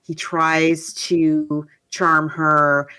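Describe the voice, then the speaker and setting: A woman co-hosting a podcast, chatting casually and animatedly with quick asides. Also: deep voice, little pitch movement, pushed and bright, clean tone, dry recording, clean studio sound. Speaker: podcast co-host. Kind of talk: casual chat.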